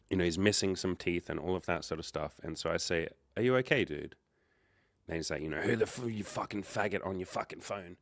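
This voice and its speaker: A man's voice: low voice, a bit bright, no echo, studio quality. A man hosting a livestream, telling a story casually, rambling and correcting himself, with quoted dialogue. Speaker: livestream host and coach.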